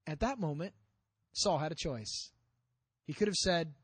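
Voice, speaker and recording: A male pastor preaching a sermon, telling a story with animation and acting out the characters' lines, dropping low for emphasis. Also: fairly quick, breathy edge, no room sound.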